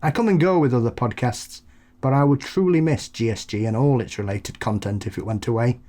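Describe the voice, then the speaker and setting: A man's voice: mid-range voice, brisk, mellow. A man co-hosting a podcast in casual chat, telling anecdotes, laughing often. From England. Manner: chatty, laughs often, acts out voices in anecdotes. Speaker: podcast co-host.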